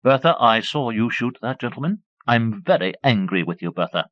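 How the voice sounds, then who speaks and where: A man's voice: medium pitch, animated, normal speed, no echo, pitched above the performer's own voice, close to an everyday voice. A man voicing a stern, curt little old woman in an audiobook, scolding in a clipped way, on a dull old cassette recording. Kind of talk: audiobook character voice.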